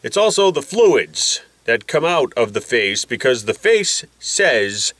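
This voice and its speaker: A man's voice: medium pitch, big pitch swings, slow, hardly any pauses, fairly bright tone, no room sound. A man vlogging casually with a congested voice from nasal packing, medicated and a little woozy, rambling and complaining with self-mocking humor. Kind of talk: casual rambling vlog to camera.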